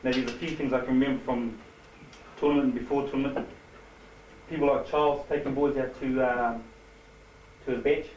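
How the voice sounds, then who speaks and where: A man's voice: mid-range voice, steady tone, fairly quick, long pauses, darkish tone, muffled recording. Coach guy talking easy and joking, echoey room, lots of background noise. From New Zealand. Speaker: rugby coach giving a speech. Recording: echoey hall from far off with noise.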